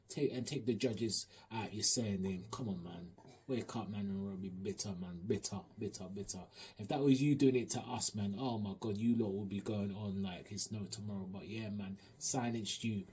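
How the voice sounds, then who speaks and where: Slangy football fan ranting. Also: male voice, mid-range voice, husky. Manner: animated, slang-heavy, rambling. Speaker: fan sending in a match review. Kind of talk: excited football fan rant.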